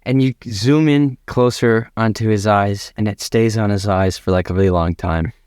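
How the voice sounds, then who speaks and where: A man's voice: on the low side, moderate pace, clean tone, no room sound, clean studio sound. A man improvising a comedy adventure story as a podcast host. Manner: animated, laughing narration.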